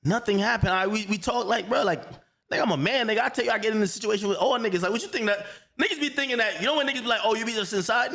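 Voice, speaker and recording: A man hosting a livestream, telling a heated story in an animated, profane, repetitive way. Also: high-pitched, racing, creaky. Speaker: livestream host.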